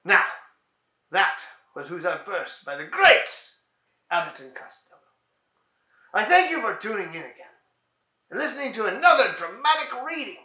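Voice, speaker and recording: A man hosting dramatic readings, giving a relaxed, slightly winded sign-off. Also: high voice, moderate pace, long pauses, reverberant. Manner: relaxed, winded after performing. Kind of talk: casual sign-off.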